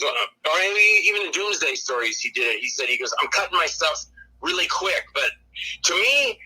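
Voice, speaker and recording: A high, very bright and cutting male voice that talks casually and animatedly, jumping into goofy voices to act out scenes. It has a slightly radio-like sound. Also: poor audio. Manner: animated, acts out scenes in exaggerated put-on voices. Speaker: actor and filmmaker guest. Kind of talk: casual podcast chat.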